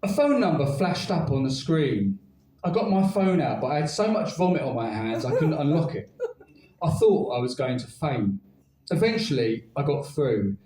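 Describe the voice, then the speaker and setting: Male spoken word poet, wry comic storyteller, lively swooping delivery, recorded at a distance in a roomy venue. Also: mid-range voice, normal speed. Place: live spoken word night with an audience.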